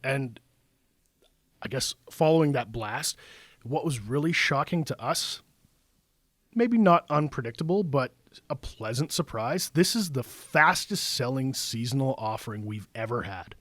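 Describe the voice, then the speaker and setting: A man hosting a podcast, telling stories in a relaxed conversational way. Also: mid-range voice, unhurried, no room sound. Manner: conversational storyteller. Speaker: podcast host. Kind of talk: casual podcast chat.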